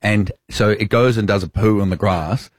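A man hosting a radio show, telling a story in casual chat and acting out the quotes loudly. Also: on the low side, normal speed, dry recording, clean studio sound. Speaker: radio host. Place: radio studio.

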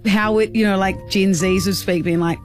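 A woman's voice: mid-range voice, fairly even intonation, normal speed, faint music behind. An Australian woman co-hosting a radio show in casual, bubbly banter, laughing often and teasing. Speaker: radio co-host.

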